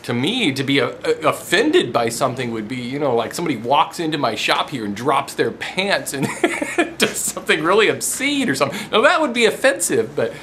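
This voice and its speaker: A man talks casually from his woodworking shop, with a lively voice that swings up and down in pitch. He's self-deprecating and breaks into laughs mid-sentence. A faint hum of shop ambience sits behind him. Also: fairly quick, few pauses. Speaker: woodworking show host. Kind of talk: casual chat to camera.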